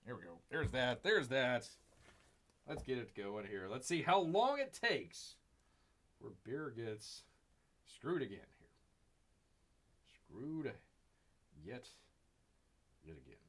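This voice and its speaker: A man chatting casually on his own livestream, rambling and restarting his sentences, often calling himself by name in the third person. His voice is bright and lively, leaping around in pitch. It swings from loud bursts to a near-mumble. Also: takes it slowly, pauses often. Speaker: livestream host. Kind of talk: casual live-stream chat.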